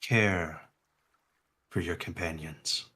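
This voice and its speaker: Old wise talking heart, solemn and hushed, a man voicing it, slow and low. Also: fairly even intonation, breathy edge, exaggerated voice.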